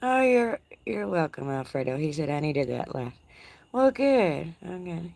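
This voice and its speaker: Low-voiced folksy Texas woman. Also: big pitch swings, a little slow, gravelly, a little mellow. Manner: folksy, teasing, laughs often. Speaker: livestream host. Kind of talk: casual live chat reading comments. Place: outdoor porch. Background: crickets.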